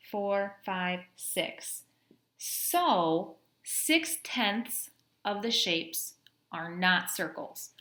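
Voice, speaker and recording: In a classroom math lesson video, a woman teacher with a medium-pitched, bright, forceful voice patiently guides students, counting aloud step by step. The room is echoey.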